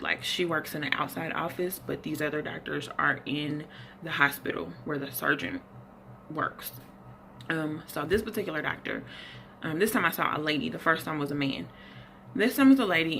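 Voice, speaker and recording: A woman's voice: low-pitched, vocal fry, bright, forceful tone, slight background noise. A young adult woman giving a rambling, self-correcting health update at her desk, a little out of breath. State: slightly out of breath. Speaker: vlogger. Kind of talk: casual health update vlog.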